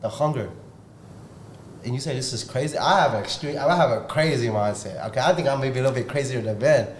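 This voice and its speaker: A man hosting a podcast, talking bluntly and intensely in a repetitive pep-talk way. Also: fast talker. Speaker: podcast host and martial arts coach. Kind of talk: casual motivational podcast talk. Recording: roomy with faint rumble.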